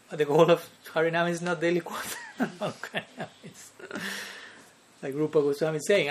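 Slightly high-voiced man giving a devotional talk. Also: steady tone, a little fast, slight background noise. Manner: checks in with listeners by asking "no?" and "okay?"; chuckles often between points. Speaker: spiritual teacher. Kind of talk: devotional lecture.

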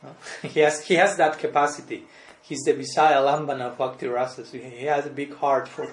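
A man teaching a devotional lecture on a group call, halting and restarting phrases, tagging his points with a questioning "no?" and chuckling between them. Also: medium pitch, steady tone, reverberant, slight background noise. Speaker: spiritual teacher.

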